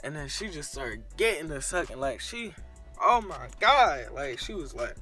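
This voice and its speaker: Young guy vlogger, slightly high, punchy bright voice, crude slangy storytelling, faint music behind. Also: normal speed. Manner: crude, slangy, animated retelling. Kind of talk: casual storytime.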